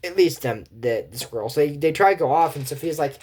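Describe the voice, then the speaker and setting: Rambling, halting cartoon episode recapper. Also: mid-range voice, lively intonation, darkish tone, slightly rough. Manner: rambling, halting retelling with restarts. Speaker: show recap vlogger.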